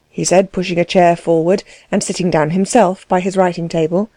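A woman narrating a classic novel with expressive, steady storytelling. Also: lowish voice, moderate pace, few pauses, no room sound. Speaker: audiobook narrator. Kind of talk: scripted narration.

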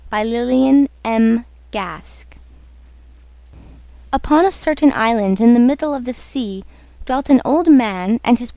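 Woman reading a fairy tale, slow and careful, fairly high voice, dry sound. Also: a little mellow, no room sound. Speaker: story reader. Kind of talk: slow storybook narration on radio.

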